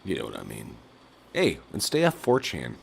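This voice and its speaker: A man's voice: rumbling low, huge pitch swings, moderate pace, vocal fry, breathy edge. A man hosting a nightly call-in livestream, rambling through absurd jokes and laughing at his own bits. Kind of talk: rambling absurdist live-stream chat.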